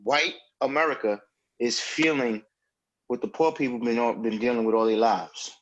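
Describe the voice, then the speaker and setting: A man co-hosting a podcast, an excitable storyteller who acts out the people he quotes. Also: mid-range voice, normal speed, muffled recording. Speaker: podcast co-host. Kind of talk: casual chat.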